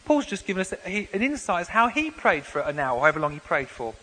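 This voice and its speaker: A man preaching a sermon in a relaxed, conversational way, often restarting and repeating words as he explains. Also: high-pitched, fast, hardly any pauses, husky. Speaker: pastor. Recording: long hall reverb, faint background noise.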